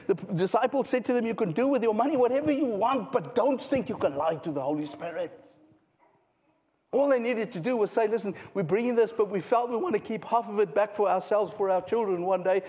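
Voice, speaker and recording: Man preaching, swinging loud to hushed. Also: high voice. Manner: dramatic swings from loud exclaiming to hushed intensity. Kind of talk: sermon. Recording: muffled sound with long hall reverb.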